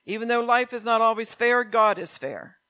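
Bright-voiced older woman preaching. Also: fairly high pitch, normal speed, clean tone, dry recording. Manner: conversational, with rambling asides and impassioned voiced prayers. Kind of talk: sermon.

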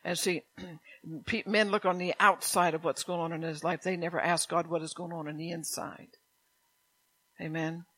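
A woman's voice: lowish voice, a bit bright, slightly rough, dry recording. An older woman preaching a sermon in a conversational way, with rambling asides and impassioned prayers she voices aloud.

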